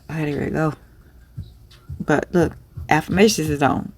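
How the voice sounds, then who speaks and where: Gravelly-voiced woman rambling casually. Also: sits low, a little slow, long pauses, darkish tone, a little hiss or hum. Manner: rambling, profane, blunt. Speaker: small online clothing seller. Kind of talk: casual vlog chat.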